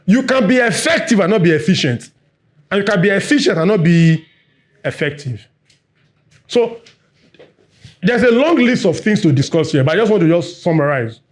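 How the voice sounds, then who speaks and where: Quick, high-voiced trainer. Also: male voice. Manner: fast-talking, animated, quizzes the audience. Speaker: workshop facilitator. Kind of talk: live workplace training talk.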